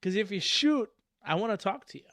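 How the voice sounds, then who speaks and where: A man hosting a casual podcast, talking in an animated, profane way and laughing often. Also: sits high, a little fast, dry recording, clean studio sound. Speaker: podcast host.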